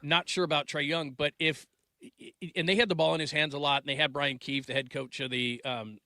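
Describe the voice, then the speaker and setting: Man in his 40s, sports talk host: forceful bright voice, slightly high, dry close sound, loose rambling delivery. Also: little pitch movement, brisk, dry recording. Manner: rambling, restarts sentences, trails off mid-thought; gets loud and laughing when telling family stories.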